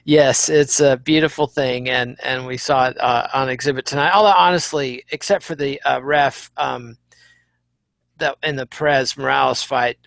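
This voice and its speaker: A man co-hosting a casual post-fight chat, measured and wry, running through results with dry humor. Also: mid-range voice, steady tone, vocal fry, fairly bright tone, dry recording. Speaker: co-host.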